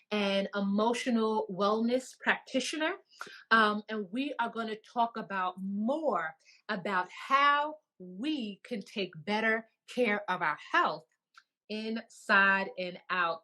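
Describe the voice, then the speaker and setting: A woman's voice: medium pitch, fairly bright tone. An emotional, effusive woman hosts a live online chat. She gushes, repeats herself and pours feeling into each line. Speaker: host of a live business show.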